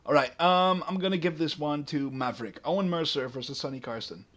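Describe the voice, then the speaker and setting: A man with a fairly high, fairly bright voice talks a little fast as he hosts a casual podcast chat. He rambles, full of fillers and restarts.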